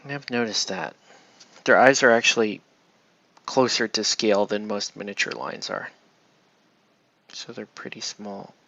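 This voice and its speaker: Gravelly, bright-voiced man chatting casually. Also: lowish voice, unhurried, long pauses, dull audio. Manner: rambling, self-deprecating, talks to viewers. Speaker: miniature painter streaming live. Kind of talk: casual chat while painting.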